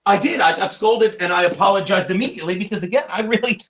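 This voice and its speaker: High bright guy rambling on a livestream, walking around the house on his phone. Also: fast talker. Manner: rambling, animated storytelling. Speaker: co-host of a livestream talk show. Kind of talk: casual livestream chat.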